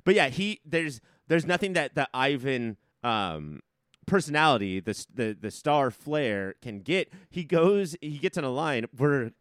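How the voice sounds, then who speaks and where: A man's voice: mid-range voice, animated, measured pace, a bit bright, smooth, dry recording, clean studio sound. A man co-hosting a casual movie podcast who talks animatedly and acts out scenes in silly voices. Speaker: podcast co-host.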